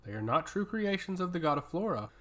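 A man voicing a tall, stoic woman abbot who speaks in a flat, emotionless monotone, in an audiobook reading. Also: high voice, quick pace. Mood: cold.

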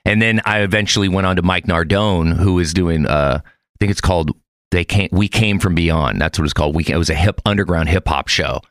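A man's voice: low voice, brisk, dry recording, studio quality. A man from Los Angeles hosting a podcast, telling long rambling stories in casual chat. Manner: animated, rambling storytelling. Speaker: podcast host.

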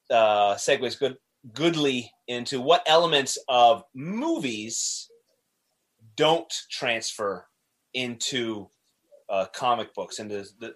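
A man hosting a relaxed panel conversation, with a voice of ordinary middle pitch. He rambles and stops to correct himself as he works through his questions, in an easy, informal way. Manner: rambling, self-correcting when asking questions. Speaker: podcast host. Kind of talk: casual panel chat.

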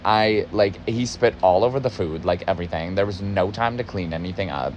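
A young man, a podcast host who used to be a barista, tells a story in a casual, agitated way, cursing often for emphasis. His voice sits low and moves a little fast, with a slight hiss or hum in the audio.

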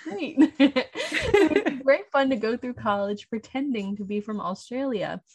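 A woman's voice: fairly high pitch, sing-song, measured pace, slightly rough, no room sound. A young woman co-hosting a casual chat, reading confessions aloud, swearing freely and laughing often. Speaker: podcast co-host.

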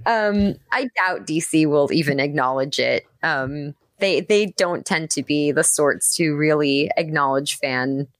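Low-voiced woman, casual and chatty. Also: measured pace, hardly any pauses, no echo. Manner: enthusiastic, rambling, many "like"s and "um"s. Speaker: podcast guest, voice actress and writer. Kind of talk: casual podcast chat.

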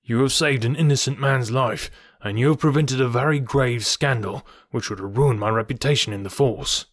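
A man's voice: medium pitch, normal speed, dry recording, studio quality, close to an everyday voice. A man voicing an angry, indignant police inspector in a Victorian detective audiobook. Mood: grudging. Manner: loud, indignant, exasperated.

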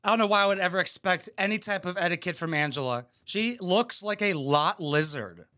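A man's voice: high voice, fairly quick, sharp tone. A man hosting a reaction video, tossing out crude, sarcastic, mocking commentary.

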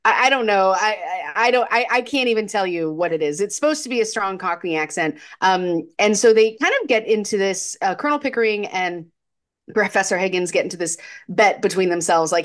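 A woman's voice: mid-range voice, a little fast. A woman chatting casually on a podcast about a classic film. She rambles with fillers and restarts and laughs often. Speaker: podcast co-host.

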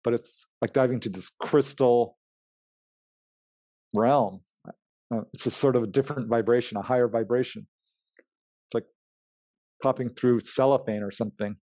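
A UFO researcher and writer, interviewed as a guest, tells of his experiences at a moderate pace with long pauses. His voice is medium in pitch and the recording has no echo. He's animated, acting out quoted lines with laughter.

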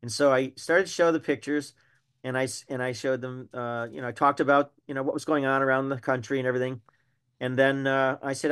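A man's voice: mid-range voice, fairly quick, clean tone. An older man, a retired wildlife biologist telling stories emphatically as a podcast guest. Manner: animated anecdotal storyteller, emphatic. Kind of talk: storytelling in a podcast interview.

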